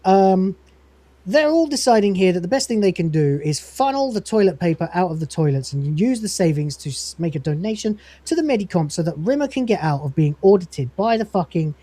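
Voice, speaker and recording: A man hosting a livestream, casually recapping a comedy episode, swearing and rambling, reading out lines in quick voices. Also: high-pitched, expressive, mellow, dry recording. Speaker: podcast host.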